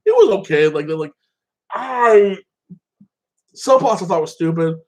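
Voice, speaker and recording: A man's voice: on the high side, huge pitch swings, a little fast, a little mellow, rough recording. A man casually recapping and reviewing a show episode, rambling with lots of fillers and acting out the characters' lines.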